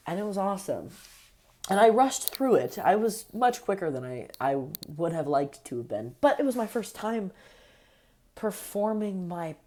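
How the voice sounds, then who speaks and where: A young woman talking casually and earnestly to camera, meandering through thoughts with fillers and soft laughs, in an affirming, spiritual way. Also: medium pitch, big pitch swings, normal speed. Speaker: vlogger. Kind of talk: casual reflective monologue.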